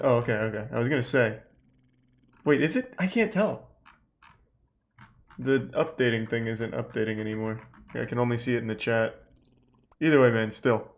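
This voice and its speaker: A man's voice: mid-range voice, animated, normal speed, long pauses. A man streaming live, reacting to a video with sarcastic, swearing, incredulous commentary and reading out thanks to subscribers. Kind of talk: casual livestream commentary.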